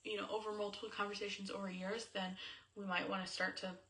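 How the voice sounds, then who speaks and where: A woman's voice: medium pitch, flat delivery, fast, bright, forceful tone. A young woman giving a casual, chatty talk on faith and marriage as a coach, with many fillers. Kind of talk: casual teaching talk to camera. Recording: voice a bit distant from the mic.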